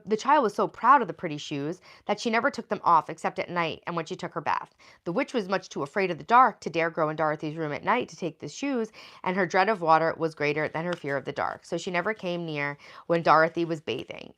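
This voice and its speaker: Woman livestreamer reading a kids book out loud, chatty and rambly. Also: lowish voice. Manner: chatty, rambling asides with fillers. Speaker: livestream host.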